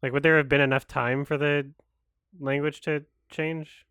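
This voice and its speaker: A man's voice: fairly high pitch, little pitch movement, normal speed, a bit bright, smooth, no echo, clean studio sound. A man giving casual, sarcastic commentary while watching a film live, swearing often. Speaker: host reacting to a film.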